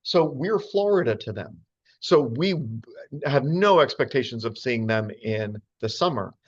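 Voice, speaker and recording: A man's voice: mid-range voice, animated, a little slow. Talky birding guy, lots of ums and asides, dull lo-fi recording. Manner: chatty, many fillers and asides. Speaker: birding lecturer. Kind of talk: casual slide talk on birds. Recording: dull lo-fi sound.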